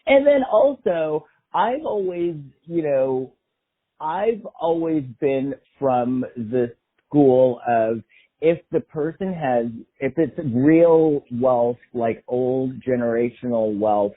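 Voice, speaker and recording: A man from the US West Coast joins a podcast as a guest, agreeable and reflective in casual chat. His mid-pitched voice is a little husky, and it comes through a thin, phone-like line. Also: lively intonation, slow.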